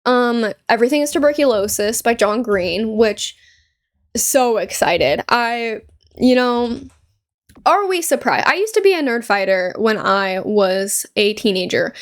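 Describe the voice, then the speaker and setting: A chatty young woman tells rambling stories over gameplay, her voice sitting a bit high. She talks in an animated, filler-heavy way and laughs often. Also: measured pace. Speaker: gaming YouTuber; store cashier. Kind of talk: casual chatty commentary.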